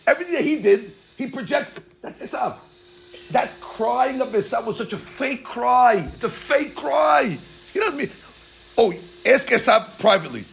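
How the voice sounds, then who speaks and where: Animated high-voiced gravelly rabbi. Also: male voice, normal speed. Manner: animated, joking, acting out dialogue. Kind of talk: Torah class lecture.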